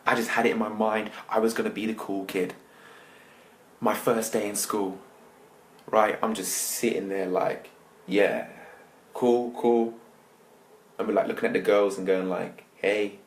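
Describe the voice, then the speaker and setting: A young man, a motivational speaker telling his life story to an audience in a lively, chatty way. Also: fairly low pitch, measured pace, pauses often. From England.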